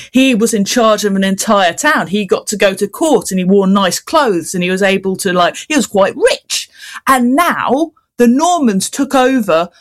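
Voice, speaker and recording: Chatty, self-mocking woman author. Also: mid-range voice. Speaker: children's author. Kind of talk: casual interview chat.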